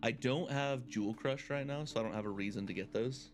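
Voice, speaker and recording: A man's voice: medium pitch, a little fast, soft background music. A man giving casual, chatty commentary while playing a video game, thinking aloud and laughing often. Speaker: game streamer. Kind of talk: casual let's-play commentary.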